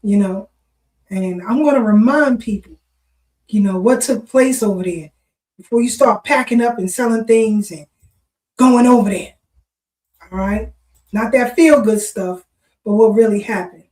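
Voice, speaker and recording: A woman's voice: medium pitch, measured pace, pauses often, a little mellow. A woman in a casual discussion, speaking firmly and in casual slang. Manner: firm, cautionary tone, casual slang. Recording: roomy, distant from mic.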